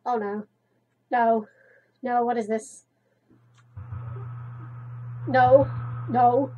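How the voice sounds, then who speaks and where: A woman playing a game and reading its dialogue aloud, reacting in a panicky, dramatic way, with loud game music behind. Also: fairly high pitch, fairly even intonation, extremely slow, dull audio, slight background noise. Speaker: let's play gamer.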